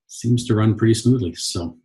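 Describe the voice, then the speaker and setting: A man from Canada, an agency owner, talking as a guest in a relaxed, halting way with many pauses and restarts. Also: lowish voice. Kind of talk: casual interview chat.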